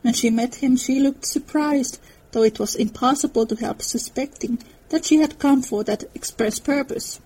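A woman giving an expressive dramatic reading of a classic novel, narrating and voicing the characters. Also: sits high, normal speed, slightly rough, poor audio. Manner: expressive storytelling.

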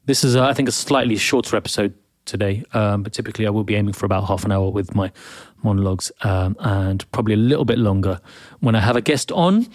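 A man's voice: fairly low pitch, quick pace, a little mellow, no room sound, studio quality. A man hosting his own podcast, talking in a rambling, chatty monologue full of restarts and self-corrections. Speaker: podcast host. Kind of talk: casual solo monologue.

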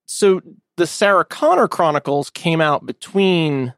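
Man, slightly high voice, rambling casual podcast talk, dry close mic. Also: animated, unhurried, fairly bright tone, dry recording. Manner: rambling, loose, with many fillers and restarts. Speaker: podcast host. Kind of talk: casual chat.

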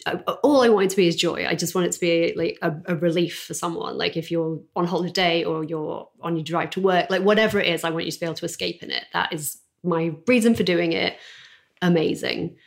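A woman talks frankly and chattily as a podcast guest. Her voice sits a little low, and she laughs often. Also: brisk, creaky. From Doncaster, England. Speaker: guest author. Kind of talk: candid podcast conversation.

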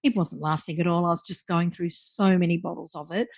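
A woman's voice: on the low side, a little fast, creaky, no echo. A woman guest, a brand founder, telling her story with animation, acting out what people said, with frequent ums. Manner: lively, acts out quoted voices, frequent ums. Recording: dull lo-fi dry sound.

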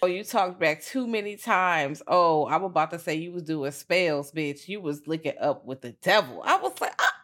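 A woman's voice: moderate pace, hardly any pauses. A woman co-hosting a podcast, chatting casually about a film, swearing freely and acting out characters with big jumps in voice. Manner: profane, animated, acts out characters with big pitch jumps. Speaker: podcast co-host. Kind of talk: casual chat reviewing a film.

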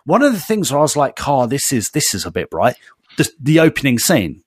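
A man's voice: medium pitch, wildly swooping pitch, a little fast, husky, dry recording, studio quality. A man co-hosting a podcast, chatting casually, calling his co-host mate and laughing often. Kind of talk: casual chat.

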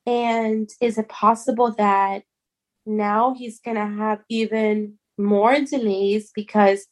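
Young woman, earnest and halting, plain middle voice, heartfelt storytelling. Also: mid-range voice, fairly even intonation. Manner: halting, restarts words, earnest. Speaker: guest. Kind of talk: emotional personal storytelling.

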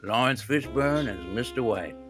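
A man's voice: medium pitch, animated, normal speed, music in the background. Sarcastic man podcast co-host. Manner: dry sarcastic quips. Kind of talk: casual podcast banter.

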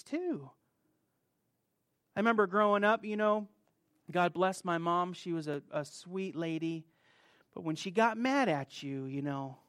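A middle-aged man preaching a sermon, swinging between soft asides and loud, high outbursts. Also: no echo, studio quality. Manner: animated, rises loud and high when acting out stories. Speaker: pastor.

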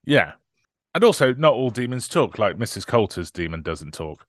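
A man's voice: on the low side, big pitch swings, normal speed, dry recording, studio quality. A man hosting a casual podcast chat, joking in a wry way. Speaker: podcast host.

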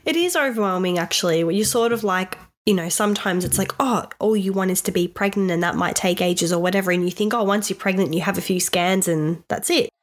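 A woman's voice: medium pitch, a little fast, hardly any pauses. A woman hosting a casual podcast interview, chiming in with encouraging comments. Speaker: podcast host.

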